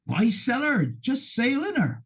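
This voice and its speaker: A man's voice: very high-pitched, wildly swooping pitch, a little slow, fairly bright tone, husky, lo-fi sound, full character voice. A man playing a rousing Cornish sea captain. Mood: persuasive.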